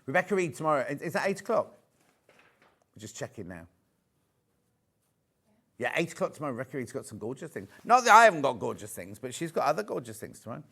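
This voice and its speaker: A man's voice: medium pitch, very animated, fast, vocal fry, pauses often, sharp tone, breathy edge. A man presenting a live shopping channel show from a studio, chatty and jokey, selling fabrics and reading out viewer messages. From United Kingdom.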